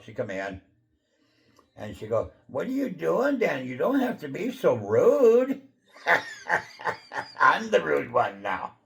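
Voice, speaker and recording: A man hosting his own channel, telling a personal testimony in a casual, rambling way, full of fillers and throat clearing. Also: mid-range voice. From Pacific Northwest of the USA.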